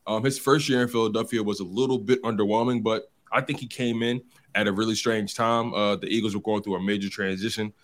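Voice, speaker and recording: A man co-hosting a sports talk show, animated and repeating words as he builds his points. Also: lowish voice, fast, few pauses. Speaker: fill-in sports radio co-host.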